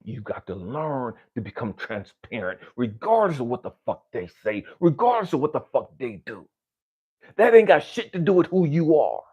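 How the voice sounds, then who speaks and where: A husky-voiced man delivers a raw, confessional motivational talk, sinking into hushed murmurs and then climbing to fervent near-shouts. His pitch moves widely and he swears freely. The recording sounds dull and lo-fi. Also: big pitch swings, moderate pace. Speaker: spiritual coach. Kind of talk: emotional motivational monologue.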